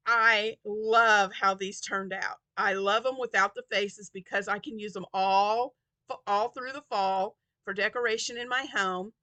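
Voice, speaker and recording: Bright, chatty woman crochet vlogger. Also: medium pitch, steady tone, a little slow, no room sound. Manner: chatty, giggly, rambling. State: tired and yawning. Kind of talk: casual chat to camera.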